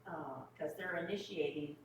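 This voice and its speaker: A woman at a training session asks her questions hesitantly, pausing on filler words. Her voice sits fairly low. She is picked up from a distance in a very echoey room with clear background noise. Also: fairly even intonation. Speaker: attendee asking questions. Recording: roomy, distant, noisy room audio.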